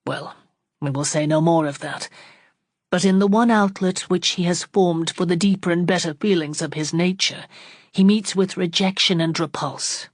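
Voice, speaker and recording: A woman reading the part of a proud young gentleman suitor in an audiobook, in measured, formal speech. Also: on the low side, dry recording, studio quality, lightly acted. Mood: cool.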